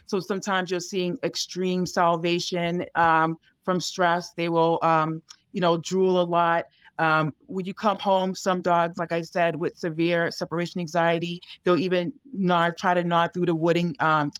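A woman's voice: fairly low pitch, level tone, normal speed, clear, resonant tone, no echo, studio quality. Chatty woman dog trainer, um-filled explanations. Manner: chatty and explanatory, many fillers like um and you know. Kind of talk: casual advice in a podcast conversation.

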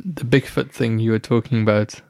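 A British man co-hosting a casual podcast, curious and quick with questions. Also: lowish voice, fairly even intonation, creaky, a little mellow, no echo, studio quality. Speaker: podcast co-host. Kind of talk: casual chat.

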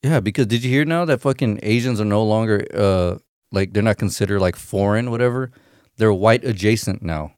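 A man's voice: fairly low pitch, a little fast, a little mellow, clear, resonant tone, dry recording, studio quality. A man in casual, profane banter with friends, laughing often and telling stories.

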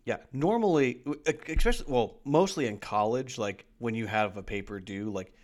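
A man's voice: mid-range voice, expressive, moderate pace. Laughing, rambling podcast co-host man. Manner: rambling, laughs often, retells scenes. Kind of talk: casual rewatch podcast chat.

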